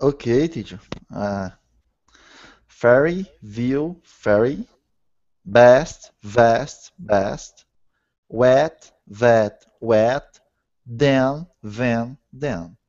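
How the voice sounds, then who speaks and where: A man's voice: medium pitch, drawn-out words, pauses often, a little mellow. A man reading pronunciation words aloud in an online class, hesitant and polite. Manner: hesitant, polite, addresses the teacher as teacher. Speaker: student. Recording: dull video call audio.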